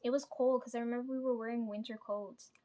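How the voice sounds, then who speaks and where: A woman's voice: a little high, fairly even intonation, fast talker, dark tone. A woman casually retelling a dream in a rambling way, often checking in with "right?" and swearing freely. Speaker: vlogger.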